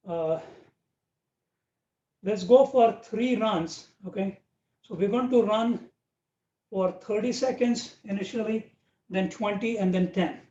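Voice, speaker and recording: A man with a high voice leads a live fitness class, counting out reps and urging people to keep going. The sound is distant and echoey, dull and muffled, with a faint hiss behind it. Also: warm tone. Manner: encouraging, counts out reps, frequent "okay" and "right". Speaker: fitness instructor. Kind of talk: live online workout class. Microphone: video call. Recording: dull, roomy, distant video-call audio with faint hiss.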